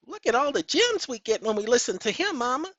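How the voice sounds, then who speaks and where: A man voicing a cheeky high-voiced heckler who mocks him and calls out to Mama. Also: sing-song, a little fast, fairly bright tone, no echo, highs cut off, exaggerated voice. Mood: mocking.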